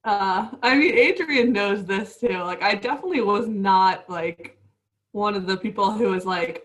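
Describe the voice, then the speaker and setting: A woman's voice: medium pitch, a little slow, distant mic, rough recording. A woman in her twenties, a professional basketball player, chatting casually as an interview guest with many fillers and frequent laughs.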